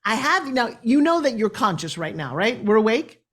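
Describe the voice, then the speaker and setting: Lively, animated middle-aged woman speaker. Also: normal speed, breathy edge. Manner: lively, shifting pitch up and down for emphasis. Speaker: guest speaker. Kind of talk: animated motivational interview talk.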